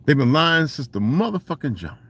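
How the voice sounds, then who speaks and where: A man's voice: on the high side, big pitch swings, fairly quick, fairly bright tone. A man with a Southern US accent ranting casually and profanely on a livestream, emphatic and laughing often. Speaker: livestream host. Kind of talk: casual rant.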